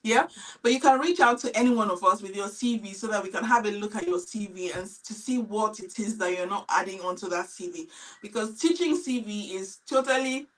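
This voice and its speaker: A woman's voice: mid-range voice, brisk, far from the mic, poor audio. A middle-aged woman teacher on a live-stream panel, giving earnest, explanatory advice about teaching abroad. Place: lives in England.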